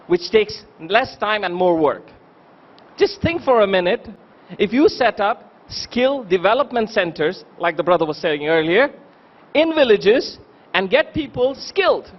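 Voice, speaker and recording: A man's voice: high-pitched, lively intonation, moderate pace, muffled recording. A man speaking at a convention, telling stories and asking the audience rhetorical questions. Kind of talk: motivational speech with storytelling. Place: convention hall.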